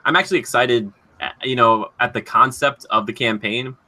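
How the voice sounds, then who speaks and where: A man's voice: medium pitch, moderate pace, bright, forceful tone. A young man co-hosting a podcast, talking in a rambling, enthusiastic way and using "like" a lot. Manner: rambling, enthusiastic, heavy use of "like". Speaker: podcast co-host. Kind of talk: casual chat.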